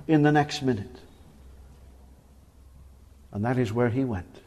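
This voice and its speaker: A man in his forties preaching a fervent sermon in a church, swinging from emphatic declarations to hushed, grave warnings. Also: medium pitch, takes it slowly, long pauses. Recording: reverberant church hall.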